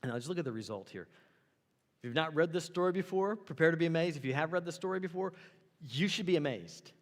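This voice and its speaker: A man preaching a sermon as a young adults pastor, animated, building to loud emphatic peaks and then dropping low. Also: fast. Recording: long hall reverb.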